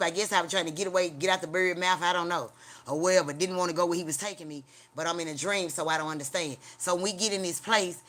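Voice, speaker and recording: Low-voiced woman telling a rambling story. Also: pushed and bright. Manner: rambling, profane, repeats filler like "da, da, da"; chats directly to her viewers. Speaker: livestream host. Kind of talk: casual storytelling on a livestream.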